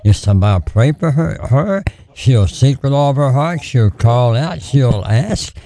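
Lively, dark-voiced radio preacher man. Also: mid-range voice, normal speed. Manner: lively, pleading, repetitive preaching cadence. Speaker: radio preacher taking prayer calls.

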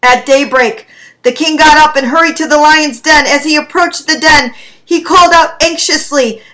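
Bright high-voiced woman preacher. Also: poor audio. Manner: slow, deliberate reading with prayerful emphasis. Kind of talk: sermon scripture reading.

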